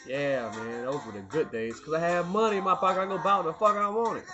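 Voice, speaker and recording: A young man talks straight to his viewers in a rambling, profane monologue. He drops into low mutters, then rises into loud, sermon-like bursts. His voice sits fairly high, with music clearly audible underneath. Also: quick pace, muffled recording. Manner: emphatic, swings from low muttering to loud preachy outbursts; profane, peppered with "man" and "you know what I mean". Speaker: vlogger. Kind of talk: rambling personal monologue to camera. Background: music playing.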